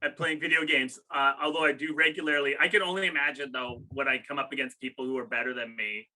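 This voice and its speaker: A middle-aged man with a very bright, forceful tone riffs through loose comedic podcast banter. He rambles and jokes, letting sentences drift off before he finishes them. His pitch sits in an ordinary middle range. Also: steady tone, fast talker, low-quality recording. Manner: rambling, joking, trails off mid-sentence. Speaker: podcast co-host.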